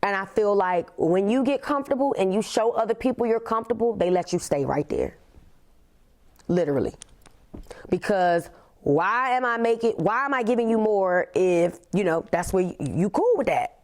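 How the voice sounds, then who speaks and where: A woman, hosting a podcast and telling a personal story in an emphatic way, often leaning on "literally" and slowing down on key words. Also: mid-range voice, lively intonation. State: tearful. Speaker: podcast host.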